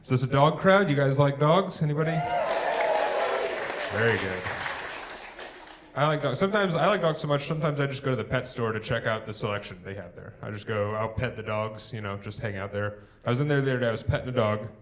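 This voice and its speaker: A man's voice: mid-range voice, animated, a little fast, noisy background. Young male stand-up, dry one-liners, crowd work, handheld mic, audible laughter from the house. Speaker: stand-up comedian. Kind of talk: live stand-up set. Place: theatre stage before a live audience. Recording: live theatre with audience laughter. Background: crowd laughing and clapping.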